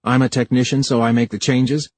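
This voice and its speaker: A man's voice: medium pitch, level tone, fairly quick, no room sound, natural voice. A man reading a tense, bitter young official. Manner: bitter, sharp retorts. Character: young male time official, tense and defensive.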